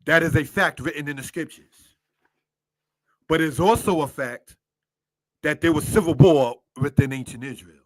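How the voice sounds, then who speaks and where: A Torah teacher gives a scripture lesson in a preacher's style, his voice slightly raised and on the high side, at normal speed with frequent pauses. He spells out Hebrew words line by line, fires off rhetorical questions, and calls his listeners brothers and sisters. The recording is close and dry.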